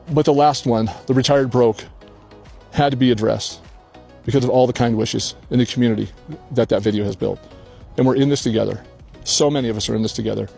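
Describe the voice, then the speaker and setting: A man's voice: mid-range voice, creaky, a little mellow. Tearful older man, earnest and heartfelt. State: crying. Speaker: channel host. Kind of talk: emotional personal vlog. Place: outdoors on a hillside rock.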